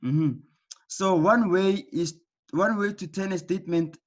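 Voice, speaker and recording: Man teaching online, patient, repeats himself, fairly high voice, dull lo-fi sound. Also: a little slow. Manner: patient, repeats key points with frequent "okay?" checks. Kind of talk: online class lesson. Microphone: computer mic in an online class.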